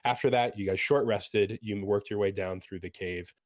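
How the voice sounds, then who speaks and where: A man with a hoarse, sick voice from a cold, game master recapping a tabletop session in an easygoing way with lots of ums. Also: fairly low pitch, steady tone, moderate pace, no room sound, clean studio sound. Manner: easygoing, many filler ums.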